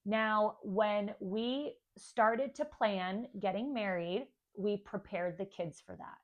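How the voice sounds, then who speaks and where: A woman's voice: medium pitch, slow, lo-fi sound. Young woman vlogger, candid and chatty, telling her family story to camera. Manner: candid, chatty, acts out kids' voices. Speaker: stepmom vlogger.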